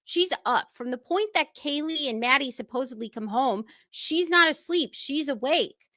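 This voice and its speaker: Woman, excited casual stream chat, bright tone, quick bursts, swearing. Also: sits high, no room sound. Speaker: stream co-host.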